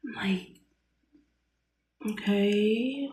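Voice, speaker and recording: A woman's voice: medium pitch, slow pace, long pauses, dark tone, echoey room, slight background noise. A young woman telling a personal story in a casual vlog, blunt and full of fillers, swearing freely. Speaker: vlogger.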